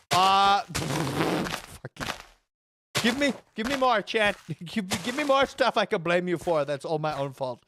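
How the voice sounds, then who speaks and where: Male streamer, high-pitched, sarcastic and rambling with lots of stammering, light background hiss. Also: expressive, a little slow. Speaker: game streamer. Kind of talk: casual live-stream chat with viewers.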